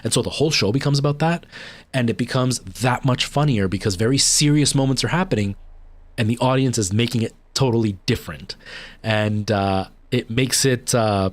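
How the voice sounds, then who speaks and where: A man rambling through a long story as he chats on his game stream, with many fillers and restarts. His voice sits at an ordinary middle pitch. The sound is dry and close, with no room echo. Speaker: livestreamer. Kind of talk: casual chat while gaming.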